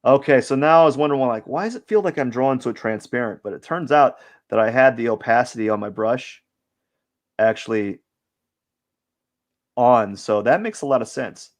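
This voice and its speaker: A man talks his way through a live drawing session in easygoing stream commentary. He rambles and thinks aloud, dropping filler words as his thoughts wander. His voice sits at an ordinary middle pitch. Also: normal speed.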